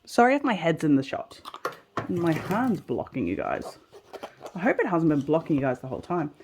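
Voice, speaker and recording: This is an Australian woman filming herself sewing at home, chatting to her viewers as she goes. Her voice sits fairly low but is very lively in pitch, bouncing up and down as she talks. She is chatty and quick to poke fun at herself. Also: noisy background. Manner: chatty, self-deprecating, talks to herself while working. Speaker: sewing vlogger. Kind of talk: casual sew-along chat.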